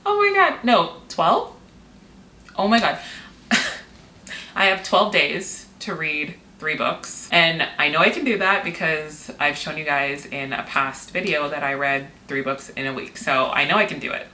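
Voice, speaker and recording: A woman's voice: low voice, steady tone, moderate pace, few pauses, pushed and bright. A woman in her thirties from Seattle, chatting candidly in a casual vlog, recorded on the camera mic in a room at home. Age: 30s. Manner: chatty, candid, swears and laughs easily. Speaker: vlogger. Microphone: camera mic, external mic not used. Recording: echoey room with faint noise.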